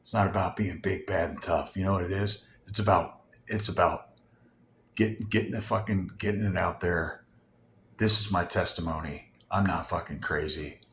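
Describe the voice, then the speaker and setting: A deep-voiced man rants straight into his camera, heated and profane, circling back and restarting his sentences. Now and then he drops to a hushed, near-whispered tone. The sound is roomy and echoey, with a faint hum of background noise. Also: steady tone, moderate pace. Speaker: vlogger. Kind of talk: angry unscripted rant.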